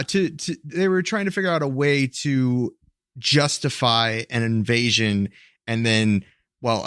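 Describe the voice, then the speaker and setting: A man co-hosting a podcast, explaining history in a halting, rambling way full of fillers. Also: mid-range voice, fairly bright tone, no echo, studio quality. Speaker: podcast co-host.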